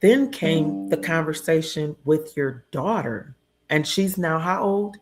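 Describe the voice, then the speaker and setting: A woman hosting an interview who prompts her guest with short, unhurried questions. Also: low-pitched, expressive, darkish tone, soft background music. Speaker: interview host. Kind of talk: casual interview.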